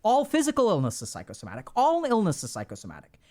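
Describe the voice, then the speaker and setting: A middle-aged man streams live about mental health, casually and emphatically lecturing his viewers and repeating phrases for stress, all in an informal, direct-to-chat manner. He talks fast in a high-pitched, warm voice with huge pitch swings.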